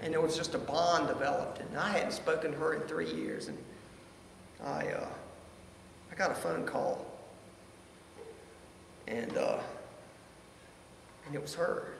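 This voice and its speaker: A man's voice: fairly high pitch, expressive, vocal fry, slight background noise. Earnest man testifying in an echoey hall. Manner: halting, repeats phrases, earnest. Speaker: recovery ministry speaker. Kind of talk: personal testimony. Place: church hall. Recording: echoey hall with faint ambience.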